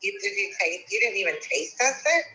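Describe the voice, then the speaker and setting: A woman's voice: mid-range voice, very animated, brisk, sharp tone, poor audio. A woman calling on her way home, chatting in a laid-back way and laughing easily. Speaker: caller on the way home.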